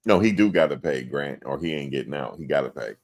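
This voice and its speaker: A man's voice: a bass voice, quick pace. A man giving casual commentary on a court case to his viewers, talking in loose slang and acting out quotes. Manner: animated, slangy, acts out quotes in exaggerated voices. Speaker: commentary host. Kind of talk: casual live-stream commentary.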